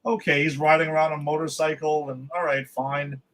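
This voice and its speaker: A man's voice: a little high, flat delivery, a little fast, crowd noise, rough recording. A man co-hosting a casual movie review podcast, sounding exasperated, swearing and rambling with restarts. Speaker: podcast co-host.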